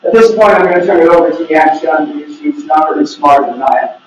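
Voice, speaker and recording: A man's voice: fairly high pitch, quick pace. A man giving an academic conference talk, opinionated and wry, with joking asides. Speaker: researcher presenting. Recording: echoey room, mic from far off.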